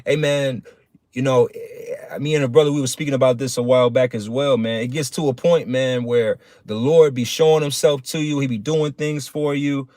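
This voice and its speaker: A man's voice: medium pitch, steady tone, moderate pace, darkish tone, dry recording, studio quality. A man giving a casual sermon on a livestream, preaching in plain street talk and calling his listeners "man".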